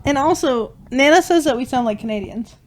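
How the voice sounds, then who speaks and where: A chatty woman from Michigan co-hosts a casual podcast. Her fairly high voice swings widely in pitch as she tells stories and imitates others. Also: expressive, brisk, a little mellow. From Michigan, USA. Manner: chatty storyteller, mimics others. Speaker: podcast co-host, doula. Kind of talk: casual chat.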